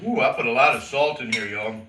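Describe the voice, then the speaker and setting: A man's voice: mid-range voice, brisk, bright, forceful tone. A man, chatting casually in his kitchen while eating breakfast, rambling and talking with his mouth full. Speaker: vlogger. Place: home kitchen, indoors. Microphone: camera set down nearby. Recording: roomy, from a distance, faint noise.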